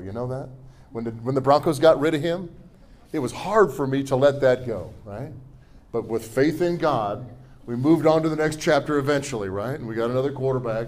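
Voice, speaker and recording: A middle-aged man preaching a sermon, reading scripture and leading call-and-response with the congregation, with humorous asides and forceful declarations. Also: medium pitch. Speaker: pastor.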